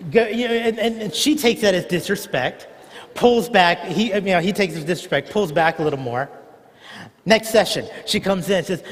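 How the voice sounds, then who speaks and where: A man's voice: fairly high pitch, expressive, normal speed, long reverb tail. A male pastor preaching a sermon in a conversational, storytelling way, often asking the congregation questions.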